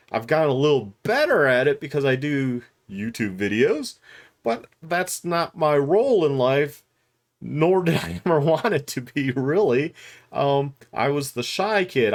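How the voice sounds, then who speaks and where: A middle-aged man giving candid, rambling commentary to the camera, with restarts and chuckles along the way. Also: on the high side. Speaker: YouTube commentator. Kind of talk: unscripted talking-head commentary.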